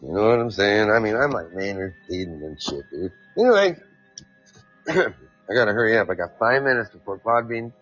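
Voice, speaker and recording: A man's voice: lowish voice, a little fast, fairly bright tone, husky. A man hosting a rambling solo podcast, reading and ranting with profane, sarcastic, self-mocking asides, recorded at his workplace. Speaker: podcast host. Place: at work, fielding coworkers. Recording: dull lo-fi recording with faint music.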